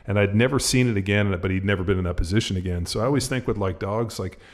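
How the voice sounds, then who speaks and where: A man's voice: lowish voice, quick pace. A man co-hosting a podcast in loose, rambling casual chat, full of fillers and swearing. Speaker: podcast co-host.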